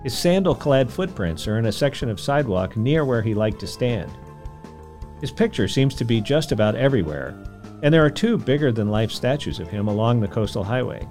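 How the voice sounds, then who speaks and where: A man hosting a podcast, telling a history story in scripted documentary narration with an expressive delivery. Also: mid-range voice, a little fast, soft background music. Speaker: podcast host.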